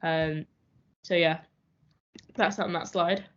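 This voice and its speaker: A young woman from a university mooting society giving calm, reassuring instructional advice with some fillers. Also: fairly low pitch, takes it slowly. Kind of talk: instructional training talk. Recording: dull lo-fi recording.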